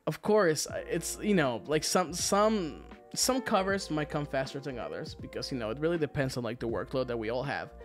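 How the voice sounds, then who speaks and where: Excited streamer guy, laughs a lot, swears casually, super animated pitch, soft music in the back. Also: moderate pace, few pauses. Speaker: virtual idol streamer. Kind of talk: casual livestream chat.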